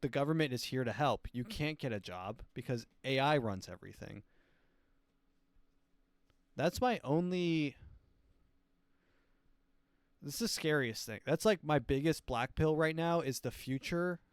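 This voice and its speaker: A man hosting a comedy podcast, rambling casually with lots of fillers and deadpan asides. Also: a little high, unhurried, long pauses, clean tone, no room sound, studio quality. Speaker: podcast host.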